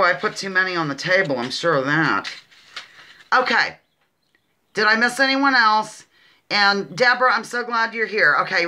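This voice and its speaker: Bright-voiced giggly woman hosting a livestream. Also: mid-range voice. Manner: giggly, chatty, addresses viewers as ladies and gentlemen. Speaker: livestream host running a word-guessing game. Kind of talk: casual live-stream chat.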